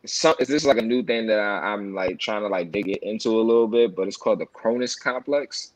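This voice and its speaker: A man's voice: fairly low pitch, fairly quick, no room sound, rough recording. A man, chatting casually as a podcast co-host, rambling with lots of fillers and restarts. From New York. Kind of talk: casual chat.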